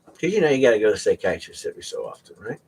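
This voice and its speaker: A man's voice: on the low side, big pitch swings, rapid-fire, darkish tone, slight background noise. A middle-aged man hosting a live auction stream, chatting casually and rambling through joking stories. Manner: joking, rambling storyteller who laughs a lot.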